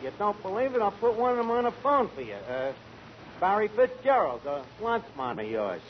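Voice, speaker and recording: Wisecracking scheming tavern manager, lively highish voice, dull 1940s broadcast. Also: male voice, moderate pace, a little hiss or hum. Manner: brash wisecracking with malapropisms. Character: brash, scheming bar manager. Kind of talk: 1940s radio sitcom acting.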